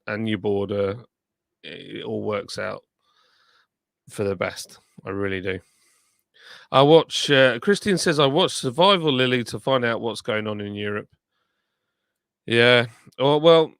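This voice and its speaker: A man's voice: on the low side, vocal fry, a bit bright, clean tone, no echo, clean studio sound. A tired man, streaming live and reading viewer comments aloud in a rambling, self-deprecating, chatty way.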